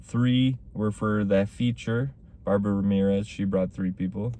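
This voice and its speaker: Young male comic-host, low mellow voice, loose storytelling monologue. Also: flat delivery, normal speed. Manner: rambling storytelling with acted-out quotes. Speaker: podcast host; stand-up comic. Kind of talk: casual solo chat.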